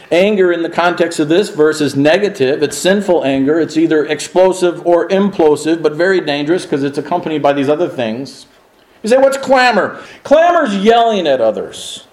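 A male pastor preaching with real force, his voice falling quiet before it leaps up in loud bursts. His voice sits a bit high for a man. The room around him rings with echo. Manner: emphatic preaching, swinging from hushed to loud exclamations. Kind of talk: sermon.

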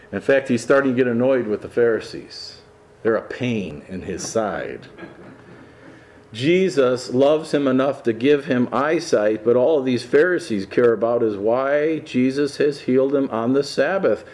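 A man's voice: medium pitch, animated, unhurried, darkish tone. A man, a pastor, teaching through a Bible passage verse by verse in an enthusiastic, emphatic way with frequent chuckles.

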